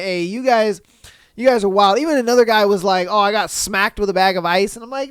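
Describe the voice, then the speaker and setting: A man hosting a podcast, reading listener posts aloud in a casual, animated way, swearing and acting out his own reactions. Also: sits high, a little fast, smooth, no echo, clean studio sound. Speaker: podcast host.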